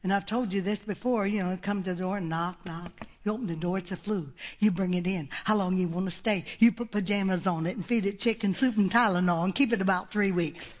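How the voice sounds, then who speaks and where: A woman's voice: mid-range voice, brisk. An older woman preaching a sermon, folksy and exclamatory, with laughs between her points.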